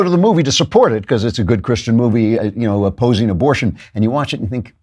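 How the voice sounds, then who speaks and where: A male host delivers political commentary in a sardonic, animated rush, often breaking off and restarting. His voice is a little husky, and his pitch swings widely as he mocks and explains. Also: fast talker, hardly any pauses.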